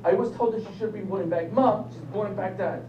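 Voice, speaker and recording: An older man, a rabbi giving a lively lecture that quizzes the audience and jokes with them. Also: high voice, fast talker. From England. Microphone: phone recording from the audience. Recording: distant, echoey, dull phone recording with faint hum.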